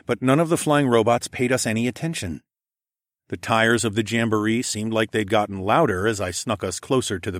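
A man narrating an audiobook in the first person, telling the story in a steady, even way. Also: lowish voice, dry recording, studio quality.

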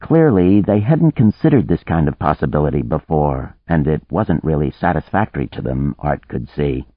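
Man reading a novel aloud, deep voice that moves a lot, dry and tinny like over a phone. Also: expressive, normal speed, no echo. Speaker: audiobook narrator. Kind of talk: scripted narration. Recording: narrow phone-like band, dry.

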